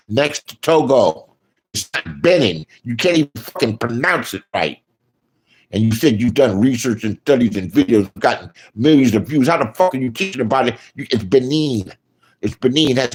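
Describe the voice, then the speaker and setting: A man speaking in a profane, casual commentary rant, his voice jumping loud and high when he mocks people. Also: slightly rough. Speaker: online commentator.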